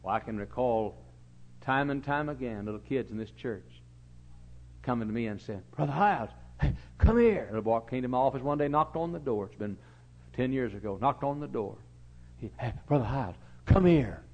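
A man in the pulpit, preaching with folksy stories and acted-out voices. His voice rises from quiet asides into loud, fervent bursts. The recording sounds slightly dull. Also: medium pitch, brisk. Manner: folksy storytelling, acts out voices, swings loud and soft. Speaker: pastor. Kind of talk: fiery sermon. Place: church.

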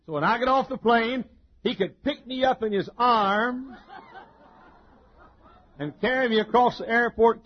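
A male pastor preaching a folksy, joking sermon, chuckling often and swinging between loud and soft. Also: high voice. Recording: dull lo-fi sermon recording.

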